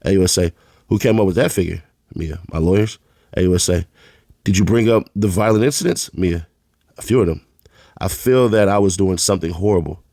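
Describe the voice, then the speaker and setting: A man with a very low voice reads court testimony aloud line by line. He names each speaker before their lines and keeps a plain read-aloud delivery. The sound is dry and close, with no room around it. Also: fairly quick, warm tone, dry recording. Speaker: channel host reading court testimony. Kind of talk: reading a trial transcript aloud.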